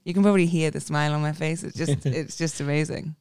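A woman's voice: deep voice, brisk, clear, resonant tone, dry recording, studio quality. A woman co-hosting a podcast, chatting casually about football in a rambling way with many fillers. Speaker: podcast co-host. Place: recorded in person with co-hosts.

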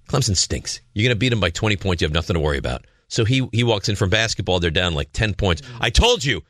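Animated, bright-voiced radio host man. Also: sits low, quick pace, dry recording, clean studio sound. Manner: animated storytelling, quotes his son in a raised voice. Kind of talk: casual sports radio banter.

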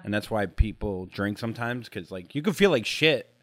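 A man's voice: lowish voice, animated, normal speed, no room sound, clean studio sound. A man chatting loosely on a podcast, swearing and riffing on a joke. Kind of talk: casual chat.

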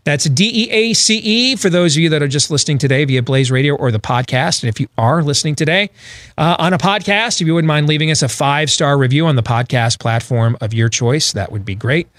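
Sarcastic talk radio host, dry studio sound. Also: male voice, a little high, animated, a little fast, a bit bright, no echo. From Iowa. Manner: sarcastic, wry asides. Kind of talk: talk radio banter and monologue.

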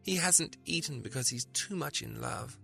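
A man voicing a playful, witty young wife who teases her husband in a soft, wry voice. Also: medium pitch, lively intonation, normal speed, gravelly, soft background music, pitched above the performer's own voice, heavily acted. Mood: teasing. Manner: teasing, wry, softly spoken.

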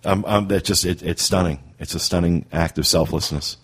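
A man hosting a podcast, speaking in a halting way full of fillers and restarts. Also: low voice, breathy edge. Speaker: podcast host. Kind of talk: casual podcast talk.

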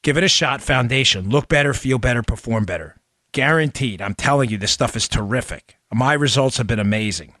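A man's voice: mid-range voice, fairly bright tone, dry recording, clean studio sound. A middle-aged man hosting a political podcast, heated and emphatic, lecturing his listeners. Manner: brisk upbeat ad read.

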